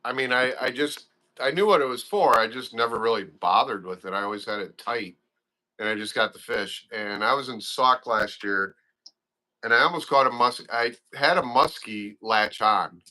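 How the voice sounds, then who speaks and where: A man chatting as an interview guest, telling fishing stories excitedly and acting out his own reactions. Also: mid-range voice, normal speed. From Wisconsin. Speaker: guest, father of a young angler. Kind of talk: casual chat, animated fishing stories.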